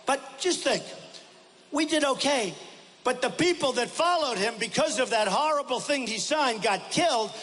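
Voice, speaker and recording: A high-pitched man delivers a campaign rally speech with a bright, forceful edge, repeating short punchy phrases and often breaking into shouts. His voice carries a long hall reverb with faint ambience underneath. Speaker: political candidate at a rally. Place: large rally venue.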